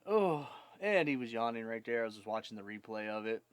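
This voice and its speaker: A man talks loosely to his viewers on a live stream, wandering from thought to thought with plenty of fillers. His voice sits at an ordinary middle pitch. The sound is dry, with no room echo. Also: animated, fairly quick, clear, resonant tone. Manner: rambling, chatty, with many fillers. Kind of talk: casual live stream chat.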